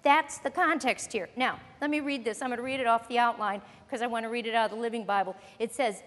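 A woman's voice: fairly high pitch, quick pace, hardly any pauses. A woman preaching a sermon, teaching earnestly and emphatically as she reads scripture aloud. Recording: long reverb of a large hall.

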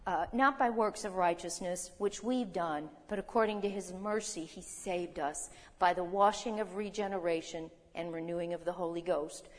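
A woman's voice: fairly low pitch, normal speed, few pauses. Woman preaching in a reverberant hall. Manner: teaching, reading scripture aloud, asking the audience questions. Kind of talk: sermon.

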